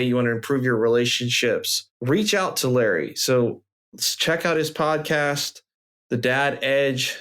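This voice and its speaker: A man hosting a podcast interview, speaking to the listeners in an upbeat way and promoting the guest's programs. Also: mid-range voice. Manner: upbeat, addresses listeners directly. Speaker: podcast host.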